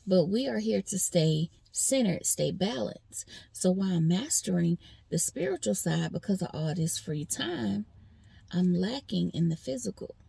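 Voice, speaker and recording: A woman's voice: mid-range voice, gravelly, warm tone, slightly rough, no room sound. A woman vlogger venting in a rambling personal monologue, talking straight to her viewers.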